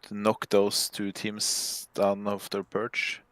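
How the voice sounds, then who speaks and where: Slow, flat-voiced man on a dry line. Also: on the low side, dry recording. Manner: hesitant, halting. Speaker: co-player on the stream. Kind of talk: casual chat.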